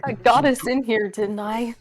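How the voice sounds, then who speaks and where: A woman playing a tabletop game, talking in a slow, dry, wry way. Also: on the high side, steady tone. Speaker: player. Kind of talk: tabletop game role-play.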